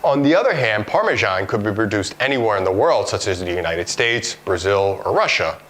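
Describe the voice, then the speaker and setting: A man presenting a scripted educational video lesson in a clear, deliberate way. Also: lowish voice, very animated, a bit bright. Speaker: course presenter.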